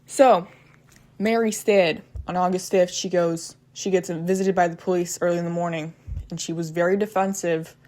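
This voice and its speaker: A woman's voice: fairly low pitch, steady tone, normal speed, dark tone, slight background noise. A woman retelling a true crime case in a casual way. She keeps stumbling and restarting, and she breaks in with blunt, profane asides. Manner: hesitant, with frequent restarts and "um".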